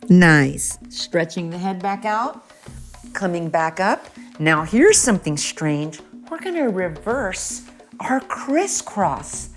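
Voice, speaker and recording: A woman's voice: on the low side, animated, slow, soft background music. Encouraging woman leading a stretching class. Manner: encouraging, praising often, playful. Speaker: children's music and movement teacher. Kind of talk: guided stretching instruction for kids.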